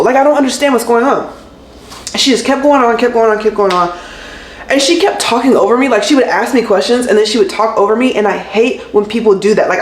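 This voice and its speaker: A young woman, a nurse, telling a story in an animated, exasperated and sarcastic way. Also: fairly high pitch. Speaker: labor and delivery nurse. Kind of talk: casual storytime rant to camera. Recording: roomy room echo with faint ambient noise.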